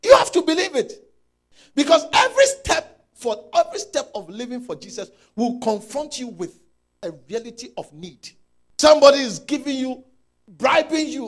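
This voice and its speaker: A male pastor preaching with a strikingly high, gravelly voice that has a husky edge. He repeats lines for emphasis and swings from shouts to quiet murmurs. His pitch rises and falls in wide, animated arcs. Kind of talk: sermon.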